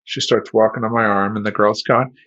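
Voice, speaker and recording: A man, a life coach, telling a comedic personal story in an animated, self-mocking and rambling way, on a dull lo-fi recording. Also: lowish voice, fairly quick. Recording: dull lo-fi sound.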